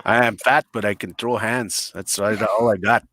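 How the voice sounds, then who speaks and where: A man's voice: on the low side, steady tone, moderate pace, a bit bright, no echo. A man on a podcast, telling crude comic stories in a blunt, boisterous, self-mocking way and swearing often. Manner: boisterous, swears a lot, acts out voices in stories. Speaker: podcast guest.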